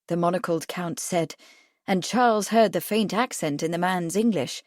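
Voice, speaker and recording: A woman reading an audiobook mystery in a steady, even narration. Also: on the low side, normal speed, no echo, studio quality.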